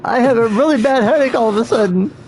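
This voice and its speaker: A man's voice: extremely high pitch, quick pace, darkish tone, a little hiss or hum. A man streaming a game, making wry, joking asides in casual commentary.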